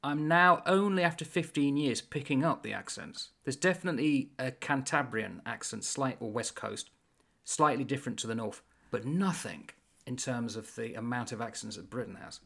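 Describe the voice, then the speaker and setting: An older man from the UK, co-hosting a casual chat in a reflective way, often trailing off quietly at the end of a phrase. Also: medium pitch, moderate pace, gravelly. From United Kingdom. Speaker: podcast co-host. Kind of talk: casual conversation.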